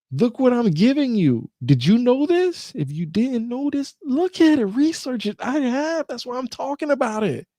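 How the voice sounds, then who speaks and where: A man hosting a casual live talk, reading passages from an old book aloud and commenting in an animated way, repeating himself and joking. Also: sits high, no room sound, clean studio sound. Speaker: host.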